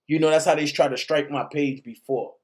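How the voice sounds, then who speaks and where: A man's voice: a little high, fairly even intonation, fairly quick, darkish tone. A man giving casual commentary as a vlogger, talking in slang and reading documents aloud.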